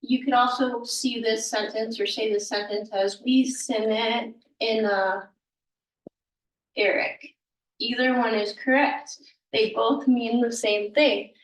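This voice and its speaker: A woman's voice: fairly high pitch, steady tone, unhurried, echoey room, recorded from a distance, rough recording. A woman whose first language is English, teaching a language lesson in a patient, informal way with many ums and self-corrections.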